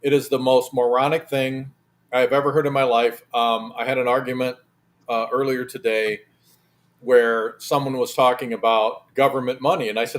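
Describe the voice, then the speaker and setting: A man's voice: mid-range voice, little pitch movement, normal speed. A man on a talk-show panel, indignant and argumentative as he rambles through his point. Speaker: regular panelist. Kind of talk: casual talk show banter.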